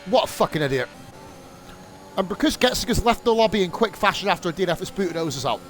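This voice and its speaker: Excitable high-voiced man commentating races. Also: quick pace, soft background music. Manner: excitable, rambling, swears freely and goes off on rants. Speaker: league streamer and race commentator. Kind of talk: live sim-racing commentary.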